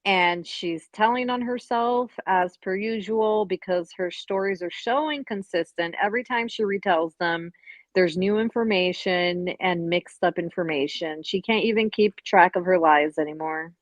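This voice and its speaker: A woman with a fairly low voice, commenting as a guest on a live stream. She sounds critical and matter-of-fact, close to the mic in a dry room. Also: normal speed, no room sound. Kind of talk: casual live-stream chat.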